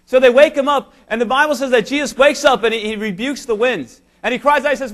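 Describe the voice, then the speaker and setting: A man's voice: very high-pitched, fast talker, hardly any pauses, a bit bright. A man preaching a sermon in church, speaking emphatically and telling stories to his congregation. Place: church service.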